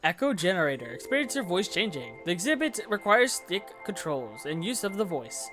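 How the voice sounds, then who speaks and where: A gaming channel host giving casual, excitable commentary at home, giggling and cutting in on themselves. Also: medium pitch, normal speed, over music. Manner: excitable, giggly, self-interrupting. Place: home room with a fan running.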